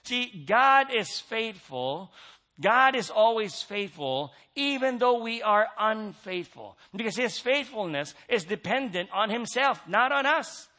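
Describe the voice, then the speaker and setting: Male preacher, high voice, earnest sermon delivery, repeats phrases for emphasis. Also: very animated, a little slow, pushed and bright.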